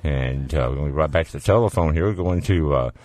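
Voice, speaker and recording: A man's voice: a bass voice, fast, darkish tone, no echo, faint music behind. A man hosting a call-in radio show, chatting casually with callers in an easygoing, joking way and chuckling often.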